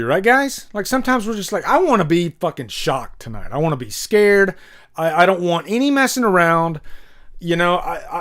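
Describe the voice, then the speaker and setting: A man's voice: a little high, smooth. A man hosting a casual live horror movie stream, talking animatedly, swearing freely and answering chat.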